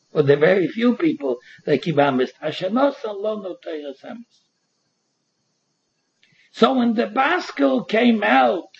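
A man delivers a Talmud lecture in an emphatic, repeating, sing-song cadence. His voice sits high and sounds gravelly and very husky. The recording is dull and lo-fi. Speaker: Torah lecturer. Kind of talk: Talmud lecture mixing Yiddish and Hebrew terms.

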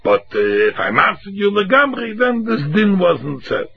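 A man teaching a Talmud class, acting out both sides of the argument in an animated singsong. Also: high-pitched, moderate pace, vocal fry, slightly rough. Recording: dull lo-fi recording.

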